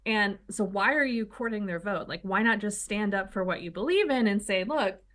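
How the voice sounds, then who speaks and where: A woman's voice: mid-range voice, expressive, fairly quick, a bit bright. Sardonic woman talk show co-host. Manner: opinionated, sardonic, argues point by point. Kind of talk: political talk show chat.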